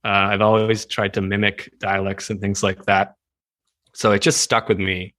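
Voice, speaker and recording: Man, interview guest, casual chat, animated, lowish voice, dry close sound. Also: normal speed, no echo. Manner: animated, laughs often. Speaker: writer, guest.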